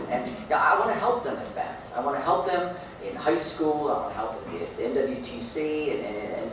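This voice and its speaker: A man who is the mayor, answering a debate question in a halting way and often repeating words. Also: mid-range voice. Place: large echoey hall, heard from far off. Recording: echoey hall, distant mic, faint hiss.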